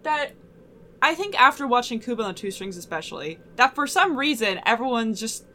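Animated woman hosting a podcast. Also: fairly high pitch, fast talker, slight background noise. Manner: animated, emphatic, trailing off mid-sentence. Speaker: podcast host reading news. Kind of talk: casual pop-culture podcast chat.

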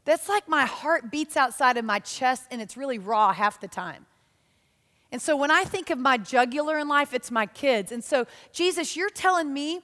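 A woman giving a sermon, telling stories in a lively, self-mocking way. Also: high voice, normal speed. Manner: animated, self-mocking storytelling. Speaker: church speaker. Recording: long reverb of a large hall.

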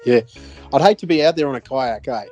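A man with an Australian accent spins a loose, animated fishing yarn on a podcast. His voice sits in a middle pitch, and he talks in a rambling way with plenty of fillers, restarts and casual swearing. Soft music plays faintly underneath. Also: a little fast, muffled recording. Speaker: podcast co-host. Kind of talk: casual chat, telling a fishing story.

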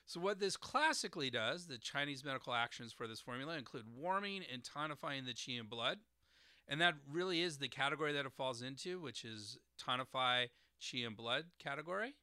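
A man's voice: medium pitch, lively intonation, a little fast, sharp tone, smooth, no echo, clean studio sound. A man hosting an educational podcast as a doctor of herbal medicine, explaining terms carefully and spelling them out letter by letter.

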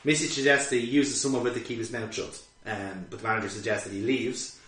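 A man's voice: mid-range voice, fairly quick. A man co-hosting a podcast, casually recapping an episode with swearing and laughter. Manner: animated, swearing, laughing storyteller. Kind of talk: casual chat. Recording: roomy, distant mic.

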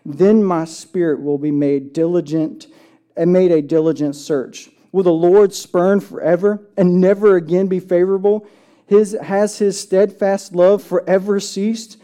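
A pastor delivers a sermon in church with a mellow, warm-toned voice. The talk feels like a conversation, with frequent check-ins to the listeners, and scripture passages are read slowly and with care. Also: medium pitch. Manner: conversational, often checks in with "right?"; reads scripture slowly and deliberately.

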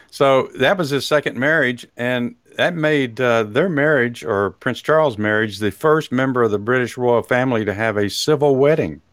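A man's voice: mid-range voice, normal speed, a bit bright, no room sound, studio quality. Texan man hosting a chatty show. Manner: rambling, chuckles often, hesitant with fillers. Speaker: host. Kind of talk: casual podcast chat.

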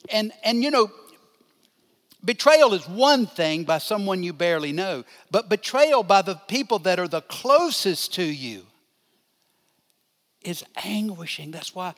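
An older man, a pastor, teaches a Bible class conversationally, posing questions to his listeners and answering them. His voice is high, expressive, and unhurried, with a long hall reverb on the recording.

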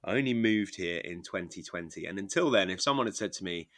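A man's voice: low voice, expressive, a little fast. A man from Devon hosting a podcast interview in a polished, enthusiastic manner. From Devon, southwest England. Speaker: podcast host.

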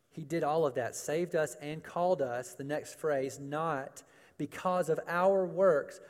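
Man, pastor, sermon, slow deliberate delivery, emphatic repetition, long hall reverb. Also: on the high side, a little mellow. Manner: emphatic preaching, rhetorical questions, repeated phrases.

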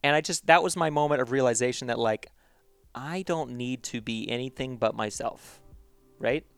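A man's voice: mid-range voice, normal speed, gravelly, fairly bright tone, smooth, no room sound. A man speaking as a podcast guest, telling personal stories casually with self-deprecating humor and a frequent tag of "right?". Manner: repeats and restarts words while telling stories.

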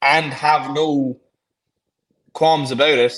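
A man's voice: fairly high pitch, steady tone, slow, fairly bright tone, low-quality recording. A man co-hosting a podcast in casual chat, encouraging and thinking aloud as he talks. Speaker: podcast co-host.

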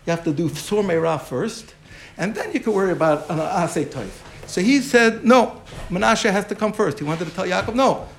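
A man's voice: high voice, expressive, moderate pace, vocal fry, slight background noise. A man giving a Torah class lecture as the teacher, explaining through a parable and often repeating and restarting his phrases.

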